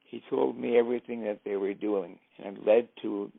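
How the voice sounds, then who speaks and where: An older man with a rough, gravelly voice and a husky edge spins long anecdotes for an interviewer. He sits a little low in pitch, and the sound is thin and tinny, like a phone line. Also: fairly even intonation, moderate pace. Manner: anecdotal, acts out quoted speech. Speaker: interviewee, former driver and informant. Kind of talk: storytelling interview.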